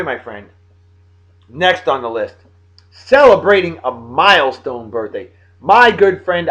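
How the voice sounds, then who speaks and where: This man, in his late thirties and from Massachusetts, hosts a casual video blog where he gives playful, hearty birthday shout-outs to friends. His voice is high, and the recording has its highs cut off.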